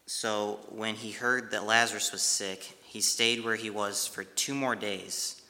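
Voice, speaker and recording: A man retelling a Bible passage and reflecting on it in a devotional talk, speaking haltingly with pauses and restarts. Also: on the low side, steady tone, pushed and bright. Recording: long hall reverb.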